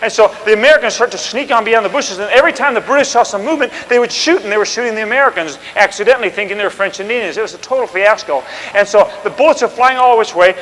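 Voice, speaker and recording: A man telling history as an oral story, animated and chatty, with asides and restarts. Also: sits high, quick pace, in a large hall, slight background noise, rough recording.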